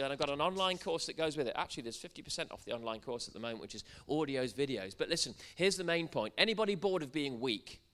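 A Welshman delivers a church sermon to a congregation in a fairly high, fairly bright voice. He jokes with the people in the pews before building toward fervent proclamation.

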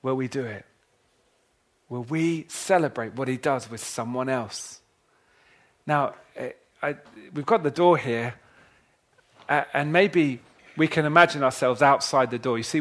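A man preaching a sermon, retelling a parable in a dramatic way that swings from hushed to loud. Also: mid-range voice. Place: church hall with a congregation.

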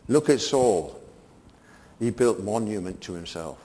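An older man preaching a sermon, swinging between emphatic peaks and quiet asides. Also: lowish voice, animated, unhurried, in a large hall.

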